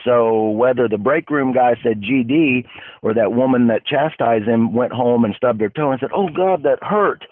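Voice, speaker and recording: A man's voice: mid-range voice, moderate pace. A man hosting a casual faith talk show, blunt and fired up, speaking bluntly about believers. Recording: narrow phone-like dry sound.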